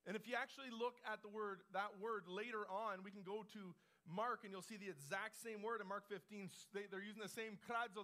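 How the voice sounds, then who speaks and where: A man preaching a sermon in a high voice, telling the story with conversational emphasis and repeating key phrases. His tone is forceful and bright. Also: normal speed. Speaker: pastor. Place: church service.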